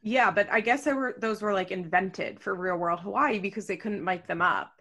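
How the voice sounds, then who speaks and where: A woman's voice: medium pitch, normal speed, pushed and bright. A woman co-hosting a podcast in casual chat, with a mild speech impediment, talking in a loose, chatty way with lots of fillers and some swearing. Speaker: podcast co-host.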